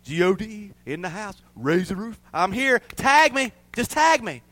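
A man's voice: high-pitched, big pitch swings, a little slow, a bit bright, exaggerated voice. A male preacher voicing God as a firm, reassuring father who promises to fight for his children. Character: God, a protective loving father.

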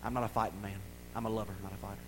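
A man preaching a sermon in a folksy, playful way, building to loud declarations. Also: lowish voice, flat delivery, very fast, background noise. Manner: folksy, playful preaching with acted-out voices and rising shouts. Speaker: pastor.

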